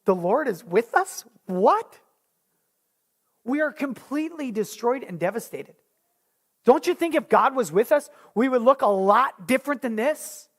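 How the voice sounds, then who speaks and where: A speaker voicing a frightened, doubting young man hiding from his enemies, raising the pitch and questioning in disbelief. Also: lively intonation, measured pace, a bit bright, heavily acted. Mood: incredulous. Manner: incredulous, exasperated questioning.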